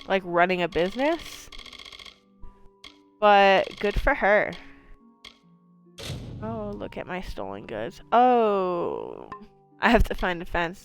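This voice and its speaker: A woman streamer giving casual, rambling commentary while she plays, with lots of fillers, the odd swear word and easy laughter. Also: mid-range voice. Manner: laughs easily. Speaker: game streamer.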